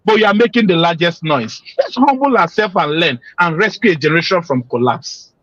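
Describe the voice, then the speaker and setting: A man, a parenting coach on a podcast, who talks in an emphatic, preaching way and rises to shouts. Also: on the high side, lively intonation, brisk, no echo, lo-fi sound. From Nigeria.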